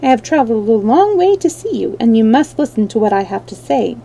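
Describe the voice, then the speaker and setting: A gentle girl ruler speaking quietly and with calm authority, as a woman reader gives her voice. The tone is soft and mellow, a touch high. It is storybook reading. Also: brisk, gravelly, heavily acted, poor audio. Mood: composed. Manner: quiet, composed and firm.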